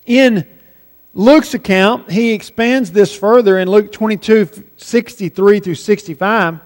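Slow, high-voiced preacher in a reverberant hall. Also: male voice. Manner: slow and deliberate, dropping soft on key words. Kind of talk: sermon.

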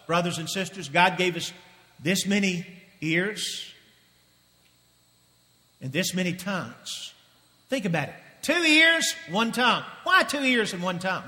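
A man preaching a sermon in a high, bright, ringing voice. He hammers his points with repetition and drops suddenly from loud declarations to near-hushed asides. His voice carries a long echo, as if recorded in a large church sanctuary. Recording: long reverb of a large hall.

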